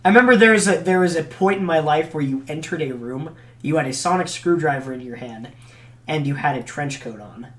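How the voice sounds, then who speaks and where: A young man co-hosting a podcast, chatting in an excitable, teasing way. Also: on the high side, a little fast. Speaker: podcast co-host. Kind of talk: casual chat.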